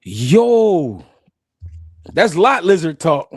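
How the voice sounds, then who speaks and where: Male stream host, high voice, cracks up often, dry close sound. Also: normal speed, dry recording. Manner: animated, laughing, profane banter. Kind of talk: live-stream boxing commentary.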